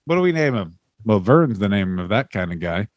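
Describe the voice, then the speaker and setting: A man's voice: lowish voice, very animated, brisk, no echo. A Canadian man co-hosting a podcast, telling rambling jokey stories and acting out silly bits. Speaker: podcast co-host. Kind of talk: casual comedic chat.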